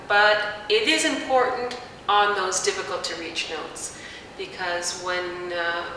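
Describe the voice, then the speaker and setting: A woman singing teacher calmly explaining vocal technique in plain words, with fillers. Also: mid-range voice. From Canada. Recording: echoey room, mic at a distance, faint hiss.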